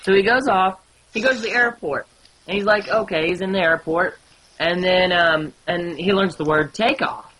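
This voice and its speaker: A woman's voice: lowish voice, moderate pace, fairly bright tone, rough recording. A woman casually telling jokes as a gameplay commentator, laughing at her own punchlines.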